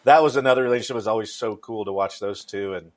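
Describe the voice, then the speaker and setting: A man's voice: on the low side, fast. A man from Nebraska co-hosting a sports talk show, telling stories in an enthusiastic, rambling way. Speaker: co-host.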